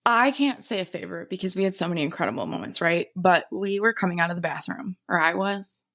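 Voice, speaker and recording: A woman co-hosting a podcast, telling an animated, swear-laden story in casual chat and laughing often. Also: on the low side, quick pace. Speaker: podcast co-host.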